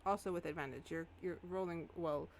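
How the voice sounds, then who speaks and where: A woman's voice: lowish voice, steady tone, a little fast, a little hiss or hum. A woman narrating a tabletop game as game master in a casual, hesitant way.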